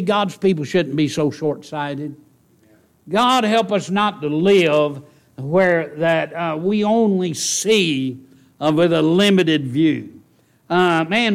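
A man's voice: fairly high pitch, slow. A man preaching a sermon, earnest and conversational, rising to emphatic, raised passages. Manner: conversational asides, direct questions to the congregation.

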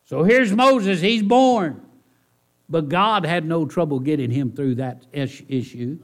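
A man's voice: fairly high pitch, slow pace. Folksy preacher man. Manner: folksy, animated, rhetorical questions to the congregation. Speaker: pastor. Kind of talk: sermon. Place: church.

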